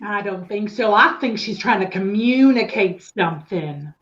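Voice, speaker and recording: A woman voicing a pedantic, prickly female cactus in a stage play, speaking slowly and sarcastically. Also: medium pitch, animated, fairly bright tone, muffled recording. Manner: slow, correcting, sarcastic.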